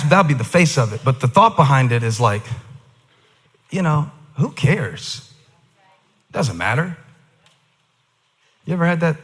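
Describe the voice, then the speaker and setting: Male pastor, bright and husky, emphatic sermon delivery, reverberant church hall. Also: fairly high pitch. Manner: emphatic, swings between quiet asides and shouted declarations. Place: large church auditorium.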